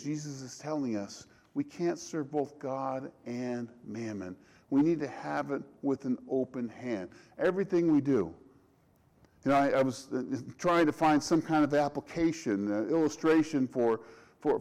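A man's voice: mid-range voice, mellow, rough recording. A middle-aged man, a pastor, delivering a conversational sermon with frequent restarts and rhetorical questions.

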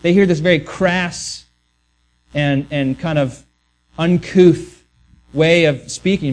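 A man's voice: fairly high pitch, fairly even intonation, normal speed, a little mellow. A man preaching a sermon earnestly, often restarting words and acting out the voices he quotes. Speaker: pastor.

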